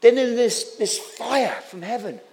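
A male pastor delivering a sermon with a fairly high-pitched voice. He repeats his lines for emphasis and restarts words when he gets worked up, speaking with impassioned conviction. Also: big pitch swings, moderate pace, vocal fry, darkish tone. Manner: impassioned, repetitive, with stammered restarts.

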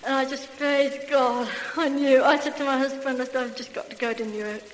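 A woman gives an effusive church testimony in a large hall, bubbling over with hallelujahs and laughter. Her voice is high and steady, a little fast, and the recording is echoey with faint hiss.

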